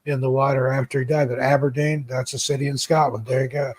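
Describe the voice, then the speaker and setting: An American guest author and YouTuber chats casually, spinning long, rambling travel stories and often stumbling or stammering over his first words when he restarts. He talks fast, with a medium-pitched, level voice. There's no room sound in the recording.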